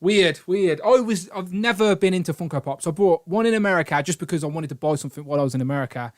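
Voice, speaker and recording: Talking fast in a slightly high voice, this British streamer runs a toy-collecting live broadcast, chatting loosely, cracking jokes, and thanking people as he reads their donations aloud.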